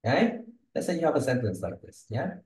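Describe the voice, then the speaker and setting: A man with a medium-pitched, mellow, dark voice coaches pronunciation one-on-one, fairly quickly and with big pitch swings. He models words while constantly checking in with "yeah?" and "okay?"; the recording has a roomy echo.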